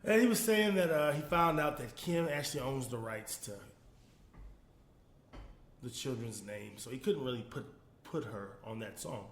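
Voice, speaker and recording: A man hosting a casual solo commentary show, animated, laughing often and talking straight to his viewers. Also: mid-range voice, moderate pace, reverberant, a little hiss or hum. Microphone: phone.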